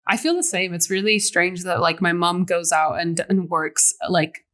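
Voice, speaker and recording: Young woman, bright tone, animated casual podcast chat. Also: fairly low pitch, normal speed. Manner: animated, laughs often, swears. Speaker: podcast co-host.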